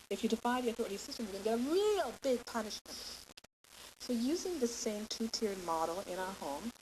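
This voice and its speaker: A woman teaching parents in a lecture, laying out her points patiently and pausing to ask "okay?" as she goes. Her voice sits at an ordinary middle pitch. A clear, steady hiss runs under the whole recording. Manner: explanatory, keeps checking in with "okay?". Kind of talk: lecture to a class.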